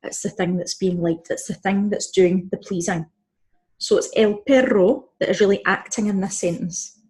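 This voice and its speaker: A woman's voice: medium pitch, fairly even intonation, moderate pace, a little mellow. A Scottish woman teaching a Spanish grammar lesson, explaining patiently step by step. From Scotland. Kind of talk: online language lesson.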